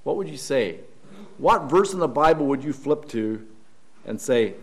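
A man delivers a Sunday sermon in an earnest, searching way. His voice sits at an ordinary middle pitch. He stops and restarts his phrases and repeats his questions as he presses his point. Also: lively intonation, unhurried. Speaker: preacher. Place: church.

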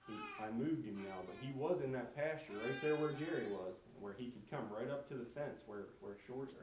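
A man tells children a homespun story with a moral, drawing them in with questions and imitating animal noises along the way. His voice sits at an ordinary middle pitch. He is heard from a distance in a roomy, echoing space. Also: a little mellow, slight background noise. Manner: asks the listeners questions and imitates animal sounds. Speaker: storyteller teaching children a lesson.

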